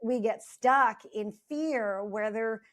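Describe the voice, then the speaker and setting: A woman's voice: fairly high pitch, slow, fairly bright tone. A woman hosting a podcast interview, responding reflectively and affirming her guest. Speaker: podcast host. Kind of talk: conversational interview.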